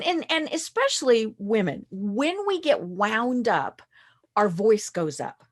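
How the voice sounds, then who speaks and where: A woman hosting a podcast interview, lively and quick, chatting casually and easily wound up. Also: a little high. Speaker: podcast host.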